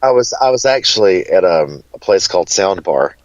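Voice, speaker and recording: Southern guy from kentucky, low voice, chatty and flamboyant, kinda dull lo-fi sound. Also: lively intonation, normal speed, dry recording. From Kentucky, USA. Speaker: guest. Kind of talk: casual interview chat.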